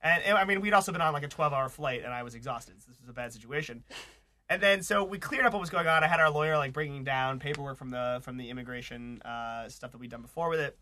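This man talks fast and keeps the story tumbling forward. His voice is bright and sits a little high. A faint noise floor hums beneath him. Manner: exasperated, quick retelling with lots of "like". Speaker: podcast co-host. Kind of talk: animated storytelling.

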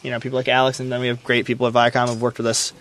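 A man co-hosting a casual podcast, talking in a relaxed, reassuring way. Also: mid-range voice, racing. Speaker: podcast co-host and studio staffer.

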